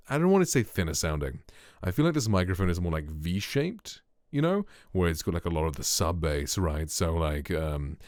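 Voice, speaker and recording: A British man with a dark, bassy voice reviewing microphones in a casual vlog, rambling with lots of "like" and fillers. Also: no echo, studio quality. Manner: rambling, filler-heavy, full of "like". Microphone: close studio microphone.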